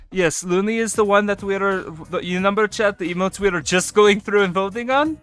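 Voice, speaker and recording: A man keeps up casual live-stream chatter in a put-on voice that belongs to his persona, laughing often and swearing freely. His voice is high, a bit bright, clear, and resonant, and he speaks at a normal speed.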